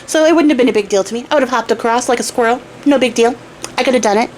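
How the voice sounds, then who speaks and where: A woman's voice: on the high side, rapid-fire, a little mellow, a little hiss or hum, lightly acted. A woman voicing a boastful young male tailor in a casual, swaggering way, with some swearing. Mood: cocky.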